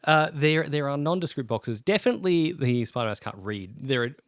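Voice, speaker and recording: A man's voice: on the high side, lively intonation, a little fast, no room sound, clean studio sound. A man narrating as game master of a tabletop role-playing podcast, chatty and often laughing. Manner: chatty, giggly, full of restarts.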